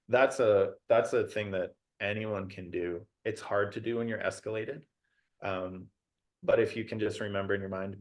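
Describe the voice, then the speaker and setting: A man who works as a conflict coach and mediator, explaining a communication tool step by step in a practical, plain way. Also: on the low side. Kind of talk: casual podcast conversation.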